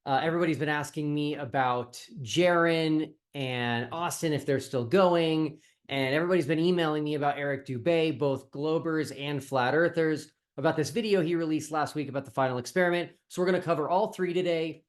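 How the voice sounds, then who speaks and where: A man's voice: a little high, fairly quick, few pauses. Man hosting a casual commentary. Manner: storytelling with film comparisons. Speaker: host.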